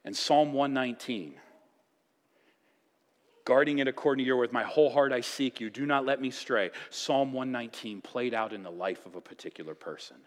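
A man preaching a sermon, telling the story in a lively, casual way and acting out voices. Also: medium pitch, normal speed. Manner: animated storytelling, acts out voices with casual asides. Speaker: pastor. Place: church sanctuary. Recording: long reverb of a church hall.

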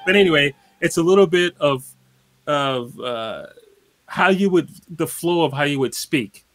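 A man's voice: fairly high pitch, animated, unhurried, over music. A man guest in a casual interview, explaining at an easy pace with plenty of fillers and spoken examples. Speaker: guitarist guest.

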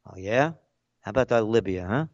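A man's voice: lowish voice, expressive, moderate pace, no room sound. An older man giving an angry, sarcastic political rant as a commentator, punchy and blunt, in a dull, dry recording.

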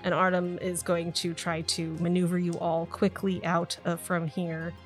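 Woman game master, lively narration, laughs easily, faint background music. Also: lowish voice, measured pace. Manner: lively, laughs often, voices characters.

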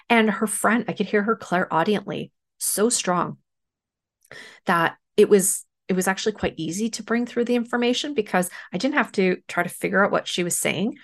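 Woman, podcast host, chatty personal storytelling, plays out the dialogue with energy, mid-range pitch. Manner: animated retelling with acted-out dialogue. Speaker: podcast host and spiritual medium.

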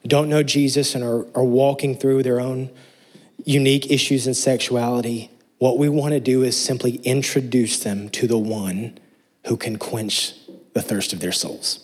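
A man's voice: mid-range voice, fairly even intonation, moderate pace. A man preaching a sermon, earnest and emphatic, asking his listeners rhetorical questions. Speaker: pastor.

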